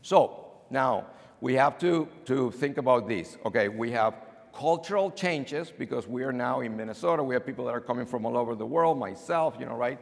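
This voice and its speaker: A keynote speaker from outside the US gives a conference talk in a banquet hall, telling anecdotes and animatedly acting out the dialogue of the people in them. His voice is medium-pitched with vocal fry, at normal speed. Long hall reverb marks the recording.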